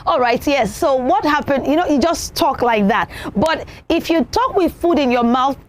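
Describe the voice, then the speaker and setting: High-voiced woman teaching kids. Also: normal speed, dry recording. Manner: animated, repeats points, acts out examples. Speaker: children's TV presenter. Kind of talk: teaching children on television.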